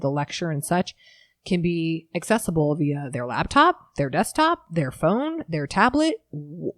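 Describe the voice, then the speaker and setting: A woman in her thirties chatting as an interview guest, a lively, quick storyteller who pokes fun at herself. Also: low-pitched, dry recording, studio quality. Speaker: guest, startup founder. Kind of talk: casual interview chat.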